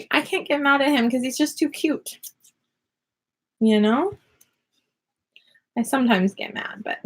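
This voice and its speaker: A woman's voice: on the high side, fairly bright tone. A woman chatting casually on a live stream while she crafts, narrating each step and reading out viewer comments from her home office. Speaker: crafting vlogger and mother.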